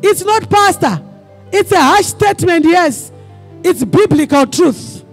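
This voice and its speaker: A man preaching in a church service, his voice pitched strikingly high with a gravelly edge. He throws call-and-response questions at the congregation and keeps breaking into fervent shouts, with faint music underneath. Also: expressive, unhurried. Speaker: pastor. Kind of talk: sermon.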